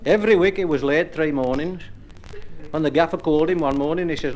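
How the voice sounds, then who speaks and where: A man's voice: on the high side, slight background noise. A man with a Black Country accent doing stand-up jokes and rhyming monologues in dry, broad dialect to a live audience. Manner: dry storytelling in broad dialect, slows for rhymed verses. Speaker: stand-up comedian and monologue performer. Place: live club or pub stage with audience.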